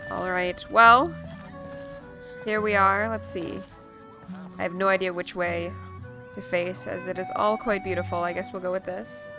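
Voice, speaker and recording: A woman's voice: fairly low pitch, fairly even intonation, unhurried, long pauses. A woman streaming a video game, chatting casually and playfully musing aloud as she plays. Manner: playful, musing aloud, repeating words to test them. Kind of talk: casual livestream chat over gameplay. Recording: game music under the voice. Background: game music.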